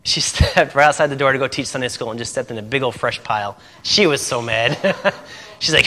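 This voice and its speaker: The man's voice is medium in pitch, moderately paced, and pushed and bright. A missionary pastor from Indiana, he tells stories in a sermon at church, laughing often, with the hall's long reverb on the recording.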